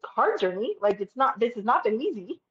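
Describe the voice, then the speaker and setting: Animated woman guest, lo-fi sound. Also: fairly high pitch, brisk. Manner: animated, emphatic, swears casually. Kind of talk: casual interview talk.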